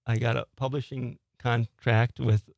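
An older man, a soft-spoken guest in a radio studio, talking quietly and laughing often. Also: medium pitch, level tone, a little slow, creaky, no echo. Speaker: studio guest, ghost tour guide. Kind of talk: casual interview.

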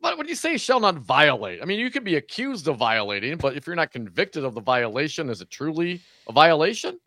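A male radio co-host in casual political chat, wry and quick to laugh, reading legal text out loud. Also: fairly high pitch, very animated, no echo, studio quality. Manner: laughing, wry, plain-spoken.

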